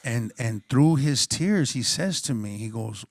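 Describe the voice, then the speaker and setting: A man's voice: medium pitch, animated, unhurried, no echo. Earnest man telling his story on a panel. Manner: earnest, reflective, slangy. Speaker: panelist and coffee shop co-owner. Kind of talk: personal storytelling on a conference panel.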